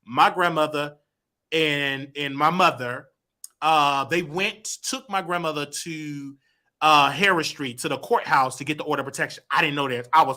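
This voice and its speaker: A man telling a personal story as a guest, animated and expressive, jumping into loud voices when quoting people. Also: a little high, normal speed. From Chicago.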